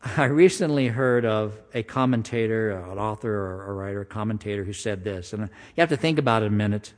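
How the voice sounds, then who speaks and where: Guy preaching a sermon, chatty, acts out voices, slows down to make a point, long echo like a big church. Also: fairly low pitch. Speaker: pastor. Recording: long hall reverb.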